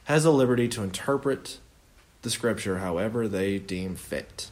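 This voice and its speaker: A man's voice: fairly low pitch, normal speed. A young man leading an informal Bible study in a conversational, earnest way, often correcting himself mid-sentence.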